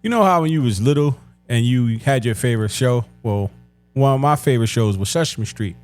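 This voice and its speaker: A man telling crude, profane comedy stories in street slang, with a drawn-out delivery, often breaking into laughter. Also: mid-range voice, lively intonation, a little mellow, dry recording. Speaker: stand-up comedian. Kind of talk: comedic storytelling.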